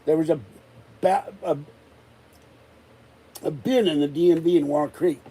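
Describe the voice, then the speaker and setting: On a casual live-stream chat, a male vlogger still recovering from an illness rants in an exasperated, rambling way with many restarts. His voice is on the high side, warm and slightly rough, at normal speed, and the audio is poor.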